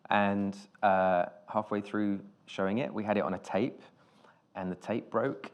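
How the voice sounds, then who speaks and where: A British film director telling stories on stage in an interview, rambling and self-deprecating, with many restarts. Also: male voice, on the low side, fairly even intonation, a little slow. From Britain.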